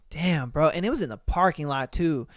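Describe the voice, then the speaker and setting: A man hosting a podcast, reacting to stories in casual, slangy talk and breaking into loud exclamations. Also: on the high side, no echo, studio quality. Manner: exclaiming, slangy, calls listeners bro. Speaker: podcast host.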